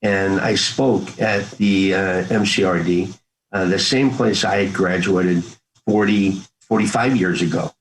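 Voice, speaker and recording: A man's voice: deep voice, fairly even intonation, measured pace, gravelly, a little hiss or hum, low-quality recording. A man in his sixties, a former Marine, telling his story as an interview guest in an earnest, folksy way and acting out old family talk. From United States. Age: 60s. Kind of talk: conversational storytelling.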